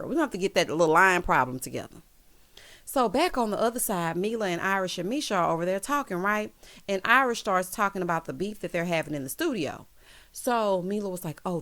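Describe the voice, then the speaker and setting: Sassy, animated woman recapping a reality show. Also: medium pitch. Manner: sassy, animated, talks straight to the cast. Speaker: recap vlogger. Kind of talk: casual TV recap commentary.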